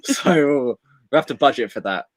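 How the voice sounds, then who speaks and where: A man's voice: mid-range voice, animated, moderate pace. A young man with a Portsmouth English accent, a guest on a casual live-stream chat, talking in loose, hesitant bursts. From England. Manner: hesitant, many fillers and restarts.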